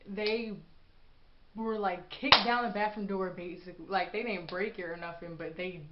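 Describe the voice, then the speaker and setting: A woman's voice: mid-range voice, moderate pace, heavy background noise. Young woman, storytime vlog, sassy, acts out quotes, echoey room, dull lo-fi sound. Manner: animated, acts out quotes with sass.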